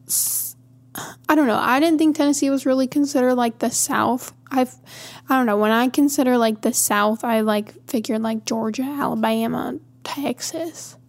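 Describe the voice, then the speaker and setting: Woman, podcast host, casual rambling chat, higher-pitched voice, easily amused. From Montana, USA. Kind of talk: casual monologue.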